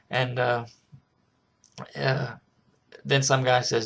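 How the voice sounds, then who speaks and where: A man's voice: mid-range voice, level tone, measured pace, vocal fry, long pauses, fairly bright tone. A man casually retelling a film scene by scene as a reviewer, rambling and restarting his sentences often. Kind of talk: casual spoken film recap.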